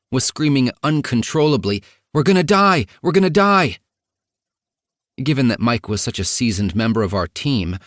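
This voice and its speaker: A man narrating a first-person memoir audiobook in a measured, even reading. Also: on the low side, no echo, clean studio sound.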